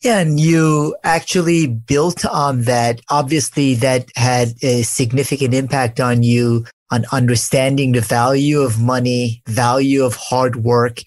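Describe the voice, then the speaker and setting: A man's voice: mid-range voice, fairly even intonation, measured pace, hardly any pauses, no echo. A man hosting an interview podcast, speaking with enthusiasm as he welcomes and prompts his guest. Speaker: podcast host.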